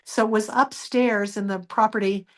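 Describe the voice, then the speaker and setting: A woman's voice: medium pitch, fairly even intonation, normal speed. A woman guest in an interview, earnestly telling a personal story and acting out the dialogue she remembers.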